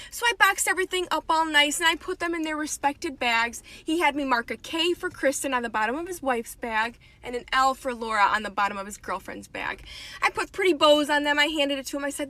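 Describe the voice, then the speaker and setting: A woman who works in a jewelry store tells a casual storytime in a dry, deadpan way, acting out the dialogue. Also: high-pitched, fairly quick, no room sound.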